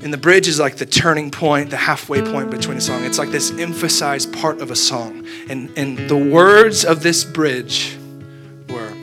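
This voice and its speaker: Male worship leader with a fairly high voice, earnest spoken exhortation, soft guitar under him. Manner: earnest, building to urgent rapid questions. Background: soft guitar playing.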